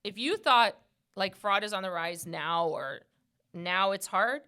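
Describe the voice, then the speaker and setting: A middle-aged woman hosting a podcast in casual chat, animated and quick to laugh, acting out quoted conversations. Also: medium pitch, smooth. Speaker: podcast host.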